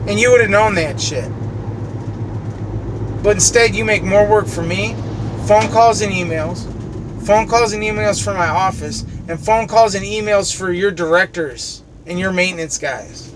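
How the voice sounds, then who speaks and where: High-voiced man ranting heatedly with car noise. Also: a little slow. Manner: heated, profane, sarcastic. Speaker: commercial kitchen and duct cleaner. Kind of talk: angry venting rant. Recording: steady traffic and car noise behind.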